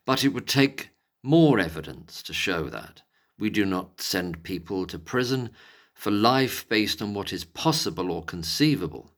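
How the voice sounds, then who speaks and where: A man putting on a prim posh gent. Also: fairly low pitch. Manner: exaggerated posh enunciation. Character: posh, prim male commentator, measured and superior.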